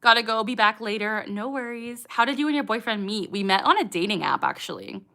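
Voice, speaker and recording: A woman's voice: medium pitch, pushed and bright. A young woman hosting a late-night livestream, reading chat questions aloud and answering in a chatty, giggly way with lots of fillers. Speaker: livestream host.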